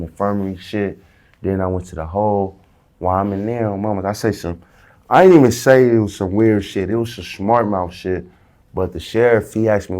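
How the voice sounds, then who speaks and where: A man's voice: low-pitched, darkish tone. A man in a casual interview, telling a story heavy with slang and acting out the dialogue himself. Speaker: interview guest.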